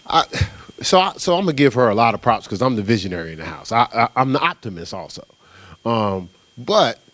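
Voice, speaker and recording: A middle-aged pastor from New Jersey, voice on the low side and free of echo, preaches a sermon. He's an animated, casual storyteller who talks conversationally and asks "right?" over and over.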